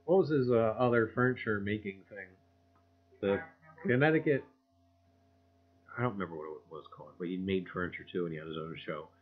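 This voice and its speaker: Fairly quick but with long pauses, a lowish, breathy male voice comes over phone-quality audio. He runs a casual livestream chat, reading viewers' comments in a folksy style, chuckling frequently and saying "I tell you" again and again.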